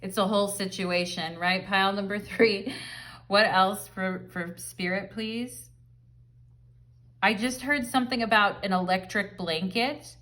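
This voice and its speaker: A woman talks to camera in a chatty, rambling way, filling her tarot reading with "like" and "um". She sounds relaxed and at home, speaking in a mid-range voice. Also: medium pitch, a little slow. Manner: chatty, rambling, filler-heavy. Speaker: tarot reader. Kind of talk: casual pick-a-card tarot reading.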